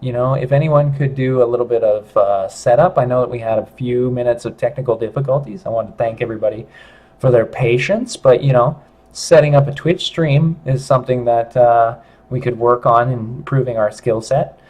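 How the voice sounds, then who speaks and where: A middle-aged man hosting a casual livestream chat, talking in a rambling, halting way with many restarts. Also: medium pitch, steady tone, a little mellow.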